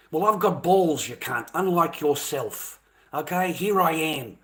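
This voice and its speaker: A man's voice: a little high, animated, measured pace, a bit bright. A man, a streamer, angrily ranting and taunting a viewer with heavy swearing. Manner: aggressive, taunting, profane. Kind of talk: angry rant at a viewer.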